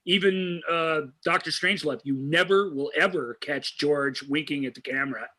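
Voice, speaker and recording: A man's voice: fairly high pitch, moderate pace, pushed and bright. A man co-hosting a movie show, talking casually and enthusiastically, often restarting his sentences. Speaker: co-host of a movie review show. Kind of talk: casual film discussion.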